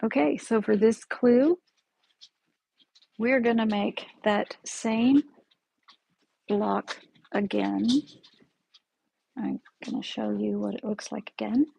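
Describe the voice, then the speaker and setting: A woman hosting a casual live-stream quilting lesson from her sewing room, chatty and friendly, often pausing to correct herself. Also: mid-range voice, fairly even intonation, creaky, a little mellow, breathy edge, low-quality recording. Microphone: camera in the room, with her stepping back from it.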